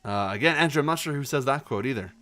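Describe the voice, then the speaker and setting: A man's voice: medium pitch, expressive, quick pace, sharp tone. A man streaming a mystery game and chatting with his viewers. His voice swings up and down as he tosses out quotes and jokes, often breaking into laughter. He keeps a loose, playful manner throughout. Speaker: streamer playing a detective game. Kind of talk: casual livestream chat.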